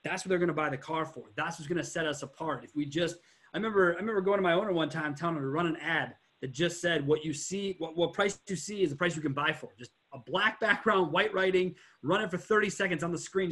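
A man's voice: on the high side, quick pace. A man who used to run a car dealership, chatting on a podcast and acting out customers as he tells stories. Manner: animated storyteller, acts out customers, swears. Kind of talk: casual podcast chat.

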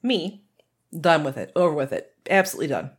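A woman's voice: deep voice, big pitch swings, a little fast. A woman chatting casually on a podcast, telling a story, laughing often and swearing freely.

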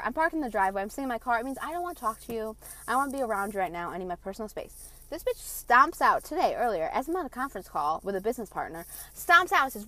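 A woman ranting casually in a vlog, cursing freely and telling a story about her loud mother. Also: medium pitch, fast talker. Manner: profane, animated storytelling with loud imitations. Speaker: vlogger. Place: in her parked car.

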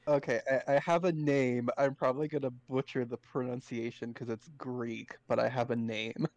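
A man's voice: medium pitch, fairly even intonation, normal speed, darkish tone. Easygoing male player, chuckling, mid-range voice. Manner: easygoing, laughs often. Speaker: player inventing a character. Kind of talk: casual tabletop chat.

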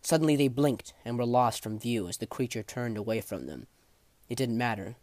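A man narrating a fantasy novel chapter in a measured, dramatic storytelling manner. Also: mid-range voice, animated, a little mellow, no echo. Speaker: audiobook narrator.

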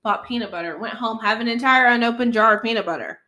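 A woman's voice: a little high, fast talker, bright, forceful tone. Chatty woman podcast co-host. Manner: chatty, swears casually, acts out characters. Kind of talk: casual book chat.

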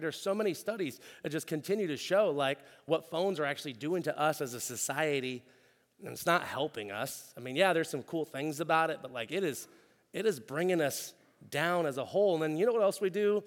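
Energetic pastor in a reverberant hall. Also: male voice, a little high. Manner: energetic, conversational, acts out quotes with rising excitement. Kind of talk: sermon. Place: church sanctuary. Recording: long reverb of a church hall.

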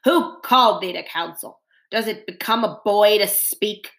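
A woman's voice: mid-range voice, measured pace, vocal fry, a bit bright. A woman voicing a haughty male army captain with stern, old-fashioned speech. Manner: stern, archaic speech, commanding.

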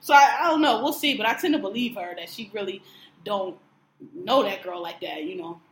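A woman's voice: mid-range voice, a little fast, echoey room. A woman co-hosting a podcast, chatting casually and profanely about a reality show, acting out quotes with laughter. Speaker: podcast co-host.

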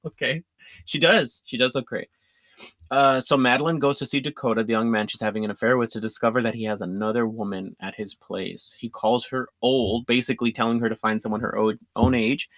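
A man's voice: mid-range voice, steady tone, fairly quick, fairly bright tone, no echo. A man in casual conversation, recapping a film with enthusiasm, often laughing and restarting his sentences. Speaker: podcast co-host.

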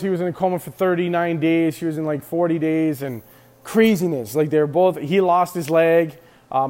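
A fired-up man with a slightly higher voice delivers an emotional motivational monologue straight to camera. He talks with urgent emphasis, circling back on his words and restarting phrases as his feelings run ahead of him. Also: a little mellow. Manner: fired-up and emphatic, repeating himself with many restarts. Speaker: clothing brand owner speaking to viewers.

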